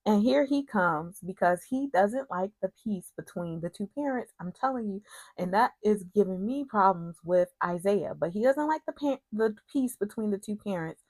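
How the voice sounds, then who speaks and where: A woman's voice: medium pitch, animated, normal speed, darkish tone, no echo. A woman casually recapping a soap opera's week, chatty and digressive with asides.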